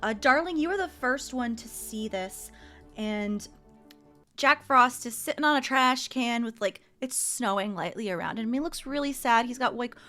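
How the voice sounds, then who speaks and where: A woman's voice: a little high, lively intonation, normal speed, bright, forceful tone, soft background music. A woman narrating as game master of a tabletop game, casual and giggly, with lots of fillers.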